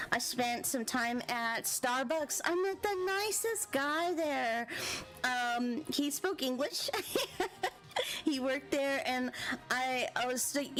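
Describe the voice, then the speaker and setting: An American woman telling a travel story in casual, chatty vlog talk, giggling often and animated. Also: on the high side. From United States. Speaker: vlogger.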